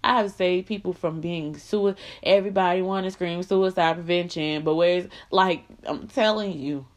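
A woman's voice: on the low side, moderate pace, few pauses. A woman delivering an impassioned, profane monologue, blunt and emphatic with lots of repetition.

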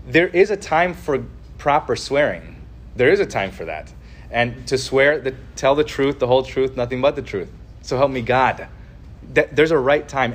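Earnest man teaching with many restarts. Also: mid-range voice. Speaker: podcast host teaching on the Ten Commandments. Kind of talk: casual religious teaching.

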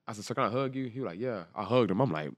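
A man, telling a story as an interview guest in a lively, slangy way and acting out the quotes. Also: fairly low pitch, dry recording. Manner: animated, quick storytelling with slang and repeated quotes. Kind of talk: casual storytelling.

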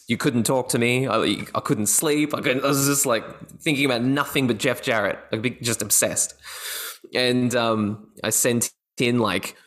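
A man with an Australian accent, a guest actor telling stories in a casual interview, lively and often laughing. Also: mid-range voice. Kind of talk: casual podcast interview chat.

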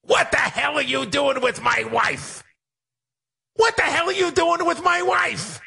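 Brief: a man doing a squawking, yelling comedian impression, high and screechy. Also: measured pace, gravelly, heavily acted.

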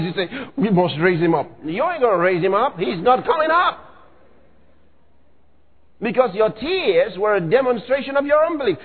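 A male preacher delivering an emphatic sermon, often shouting and acting out scenes, recorded with a tinny, phone-like sound. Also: very high-pitched.

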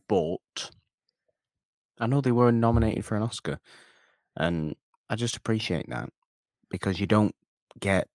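A man's voice: low-pitched, no echo, studio quality. A man hosting a casual podcast about a film, wry and teasing, talkative.

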